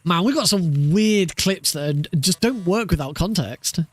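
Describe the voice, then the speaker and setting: A man's voice: high-pitched, expressive, a little slow. Chuckling, cursing male streamer. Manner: laughs a lot, swears casually. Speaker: speedrunner streaming practice. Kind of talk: casual live-stream chat.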